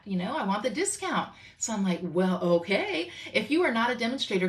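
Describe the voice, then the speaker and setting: A woman hosting a live craft stream as a stamping demonstrator, chatting casually and repeating phrases for emphasis. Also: medium pitch.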